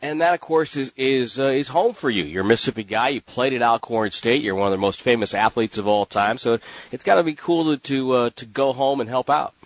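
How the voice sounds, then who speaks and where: Male podcast host, smooth broadcaster read, dry close sound, mid pitch. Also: a little fast, no echo. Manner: polished broadcaster's delivery. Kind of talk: podcast hosting and interview.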